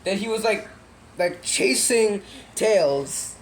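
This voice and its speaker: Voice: mid-range voice, animated, moderate pace. A speaker casually retelling a creepy game story, full of fillers, restarts and wry asides.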